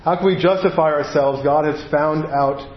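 A man's voice: fairly high pitch, steady tone, moderate pace, slight background noise. A man preaching a sermon in a conversational way, often checking in with "right?". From United States. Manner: conversational, frequent "right?" asides. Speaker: pastor. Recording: roomy, dull audio.

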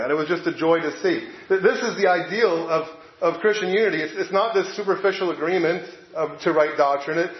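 Pastor preaching in an echoey church. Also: male voice, a little high. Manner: conversational, halting with fillers and restarts. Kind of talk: sermon. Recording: echoey, dull lo-fi room sound.

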